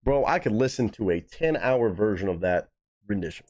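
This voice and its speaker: A young man hosting a live music reaction stream, talking casually and excitedly to his chat with plenty of swearing. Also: fairly low pitch, moderate pace. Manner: excitable, profane, talks straight to chat.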